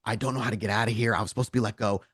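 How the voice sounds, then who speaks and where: A man's voice: mid-range voice, big pitch swings, darkish tone. A man playing a snarky, scared hostage. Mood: pleading hush. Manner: snarky, nervous, quick to complain. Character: young male kidnapped hostage, scared and sarcastic.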